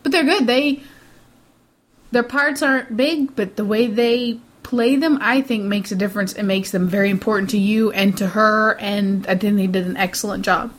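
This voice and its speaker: A woman co-hosting a casual film review chat, teasing and laughing often. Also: medium pitch. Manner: giggly, teasing, quick to question. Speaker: film review podcast co-host.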